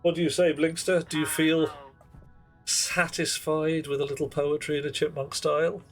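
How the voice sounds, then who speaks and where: A man's voice: fairly high pitch, little pitch movement, moderate pace, faint music behind. Wry man streaming. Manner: wry, theatrical, chatty. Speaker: game streamer. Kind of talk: casual live-stream chat.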